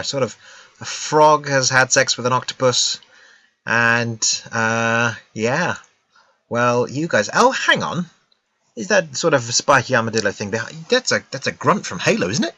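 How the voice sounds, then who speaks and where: A man's voice: medium pitch, sharp tone, no room sound. A British man giving casual live-stream commentary on a game at home, chatty and full of self-mocking asides. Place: at home with a laptop.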